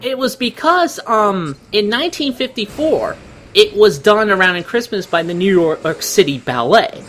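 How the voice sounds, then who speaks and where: A man giving animated, laugh-filled commentary on a video game, sharing trivia along the way. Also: sits high, normal speed, slight background noise. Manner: animated, giggly, full of trivia. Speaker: let's play co-commentator. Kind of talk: casual gameplay commentary.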